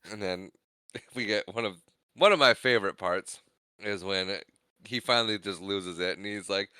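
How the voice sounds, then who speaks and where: Man, podcast co-host, animated delivery, crisp and dry close-mic sound. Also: lowish voice, moderate pace, no echo. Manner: animated, acts out movie lines in silly voices. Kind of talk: casual movie discussion.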